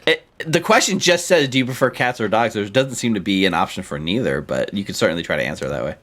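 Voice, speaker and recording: A man's voice: fairly low pitch, lively intonation, fast talker, fairly bright tone. A man running a tabletop game over a voice call, narrating loosely and casually with lots of fillers and laughs. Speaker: game master.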